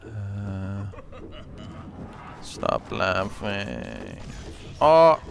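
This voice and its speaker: A man giving live commentary on his own gameplay, excitable, swinging between muttering and yelling, and cursing often. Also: on the low side, very slow, gravelly, noisy background. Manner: curses often. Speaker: gameplay streamer.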